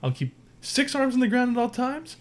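A man's voice: very high-pitched, very animated, moderate pace, voice pushed up. A man voicing a peppy female spider-like alien crew member in a tabletop game, bubbly and eager. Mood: cocky.

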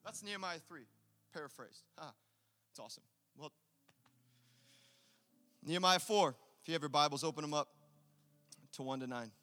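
A man preaching an impassioned sermon as pastor in a church, loud and rousing, leading his congregation in call-and-response. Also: mid-range voice, long reverb tail. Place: church sanctuary.

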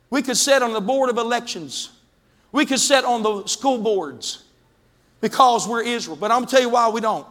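A man preaching a fervent Pentecostal sermon, his voice pitched very high and ringing bright. He calls out to the congregation and climbs into shouts. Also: moderate pace. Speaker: pastor. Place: church sanctuary.

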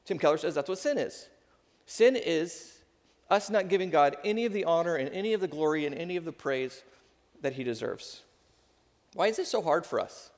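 A pastor, a man in his thirties, giving a conversational sermon with lively asides. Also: fairly high pitch. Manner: conversational preaching, animated, quick asides. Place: church sanctuary. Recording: long hall reverb.

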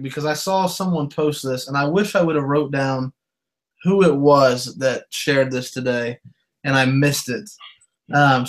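Man co-host, mid-pitched, relaxed and teasing, steers the show. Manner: laid-back, joking, drawn-out fillers. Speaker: podcast co-host. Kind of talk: casual sports talk.

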